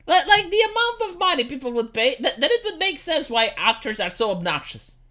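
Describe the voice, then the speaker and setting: A woman's voice: high-pitched, very animated, fairly quick, sharp tone. A woman live streamer doing casual reaction commentary, sarcastic and profane, often stumbling over repeated words.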